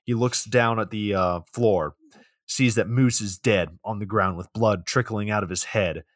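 Low-voiced man swearing through a plot recap. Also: a little slow, no echo, studio quality. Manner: loose, profane plot recap. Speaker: podcast co-host. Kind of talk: casual chat.

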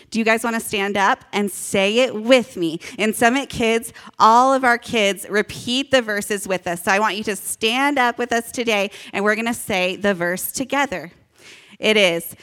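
A woman's voice: medium pitch, moderate pace, a bit bright, clean tone. A young woman pastor giving a chatty, upbeat children's sermon to a congregation and leading call-and-response.

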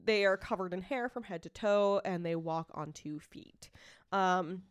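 A woman's voice: on the low side, a little slow, smooth, no echo, clean studio sound. A young woman co-hosting a podcast in casual chat, laughing often and swearing casually. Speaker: podcast co-host.

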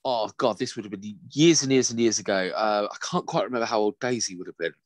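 A man's voice: lowish voice, fast talker, no echo. A man co-hosting a casual chat, telling stories in a crude, joking way. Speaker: podcast co-host.

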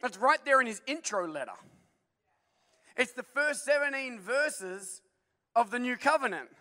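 Preaching at a measured pace, a male pastor with a very high, bright voice is humorous and energetic, quizzing his congregation with rapid questions. His sermon rings with long reverb through a big church hall.

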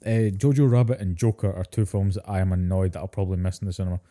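A man chats as a podcast co-host. His voice sits fairly low and sounds very dark and mellow. He swears casually and laughs often. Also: fairly even intonation, quick pace. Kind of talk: casual chat.

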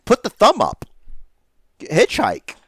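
A man co-hosting a podcast, a little congested, who rambles through casual chat with jokes and swearing. His pitch moves in a lively way, and the sound is dry and close. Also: takes it slowly, husky, no echo. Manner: rambling, profane, joking. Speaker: podcast co-host.

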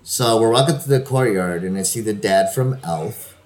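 A man's voice: on the low side, moderate pace, a little mellow. A man telling loose stories over a video call, swearing often and laughing through them. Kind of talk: casual storytelling chat.

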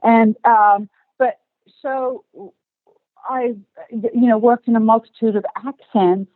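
A woman's voice: fairly high pitch, steady tone, takes it slowly, no room sound. Chatty woman with a light Australian-British accent. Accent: light Australian mixed with British. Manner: chatty, laughs often, many ums. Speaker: actress and producer guest. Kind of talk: casual interview chat. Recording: dry phone-like line.

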